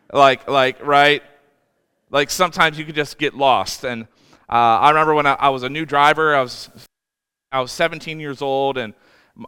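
A male pastor preaching a conversational, energetic sermon and drawing the congregation in with questions. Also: fairly high pitch, smooth. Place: church sanctuary. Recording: long hall reverb.

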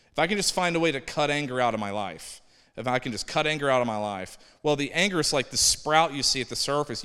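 A man preaches in an easygoing, conversational way, now and then dropping into the voices of people he quotes. His voice sits at an ordinary middle pitch. The sound has the long reverb of a large church hall. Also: sharp tone, clean tone. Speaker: pastor. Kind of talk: sermon. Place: church sanctuary.

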